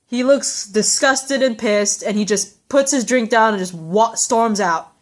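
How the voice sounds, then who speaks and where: A young woman with a slightly raised pitch talks through a TV episode in a loose, rambling recap. She doubles back often, leaning on ums and likes, and sounds heartfelt about what she describes. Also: measured pace. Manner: rambling and heartfelt, with many fillers.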